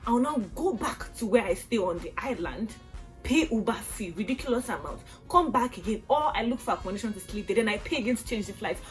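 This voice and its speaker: Faint music plays behind a young Nigerian woman vlogging a storytime in her Nigerian accent. She talks a little fast at medium pitch, animated and exasperated, with acted-out outbursts.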